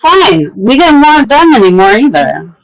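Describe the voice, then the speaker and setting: A woman's voice: on the high side, very animated, measured pace, low-quality recording. A woman from Southern California, chatting casually with friends and laughing easily. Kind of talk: casual chat among friends.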